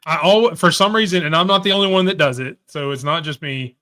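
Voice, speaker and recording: A man's voice: on the high side, a little fast, pushed and bright. A man co-hosting a podcast, chatting in an easygoing, self-deprecating way over a home video-call mic. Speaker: podcast co-host. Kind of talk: casual chat over a watch-along.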